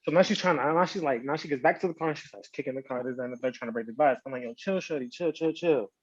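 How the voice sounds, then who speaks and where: A man's voice: mid-range voice, rapid-fire, slightly rough, no room sound, muffled recording. A man on a podcast telling a story in casual slang, acting out what people said. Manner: animated, slangy storytelling with quoted voices. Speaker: podcast host.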